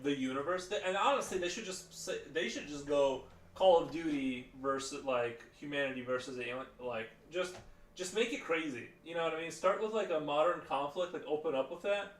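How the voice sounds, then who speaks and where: A man with a slightly raised voice chats casually on a live stream, rambling through half-finished thoughts full of fillers and restarts. He sits back from the mic in an echoey room, with faint noise underneath. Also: on the high side. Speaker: livestreamer. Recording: roomy, distant mic, faint background noise.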